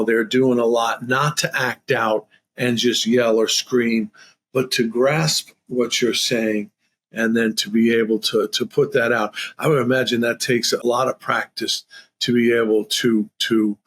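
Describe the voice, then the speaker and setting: Husky-voiced male podcast host. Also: medium pitch. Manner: rambling questions full of fillers. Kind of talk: conversational podcast interview.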